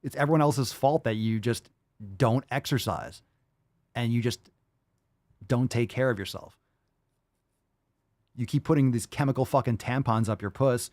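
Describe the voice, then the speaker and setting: A man's voice: mid-range voice, normal speed, darkish tone, no echo, clean studio sound. A man hosting a podcast, reacting to clips with mocking, profane commentary and sneering mimicry. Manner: mocking, swears constantly, mimics in sneering voices. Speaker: podcast host reacting to videos.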